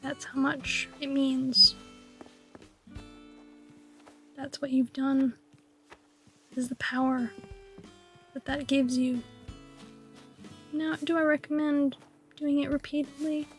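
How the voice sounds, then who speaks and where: A woman streamer whispering softly in a raspy voice, musing playfully and with mock grandeur as she chats over her game. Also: high voice. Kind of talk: casual gameplay chat.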